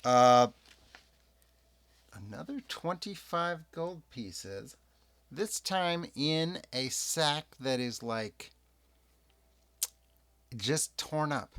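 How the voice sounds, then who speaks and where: A man narrating and rules-explaining a solo tabletop role-playing game in an unhurried, chatty way. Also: a little high. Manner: unhurried, chatty, lively ups and downs. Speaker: game master and player.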